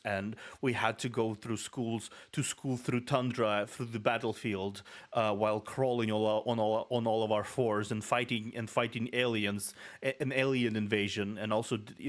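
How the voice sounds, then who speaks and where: A man with a Russian accent hosts a casual reaction stream, rolling his R's as he rambles. His voice sits fairly low, and he laughs often, stumbling and restarting his sentences. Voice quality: rolled R's. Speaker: VTuber streamer.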